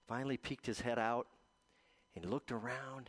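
A man preaching a gentle baptism sermon as pastor, telling stories with slow, drawn-out pauses. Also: mid-range voice, fairly even intonation.

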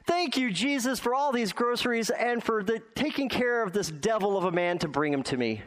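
Fervent old woman thanking Jesus, pitched way up and swinging widely, played by a preacher. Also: lively intonation, brisk, a bit bright. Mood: grateful.

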